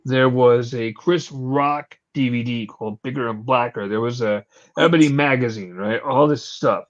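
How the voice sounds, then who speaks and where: A podcast host telling a story in casual chat, animated and swearing casually, with plenty of fillers. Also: male voice, medium pitch, normal speed. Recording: slightly muffled lo-fi recording.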